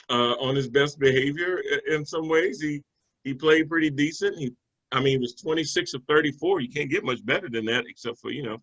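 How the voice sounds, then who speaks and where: Man, sports co-host, bright tone, easygoing and chatty, with fillers. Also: fairly high pitch, rough recording. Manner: conversational, loose with fillers and restarts. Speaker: sports talk show co-host. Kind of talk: casual sports analysis chat.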